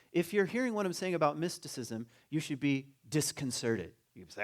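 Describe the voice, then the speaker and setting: In a church sanctuary, a man with a medium-pitched voice gives a conversational spiritual talk as a guest teacher. He is animated and jokey, though he slows down when reading quotes aloud.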